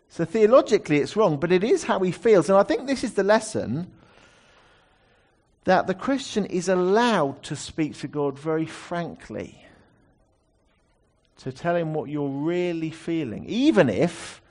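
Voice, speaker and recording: A man's voice: fairly high pitch, darkish tone. A man preaching a sermon, explaining a psalm in a conversational teaching manner with rhetorical asides.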